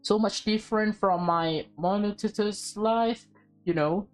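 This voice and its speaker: A woman voicing a tearful teenage girl in a game who speaks haltingly, choked up. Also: medium pitch, soft background music, voice pushed up, lightly acted.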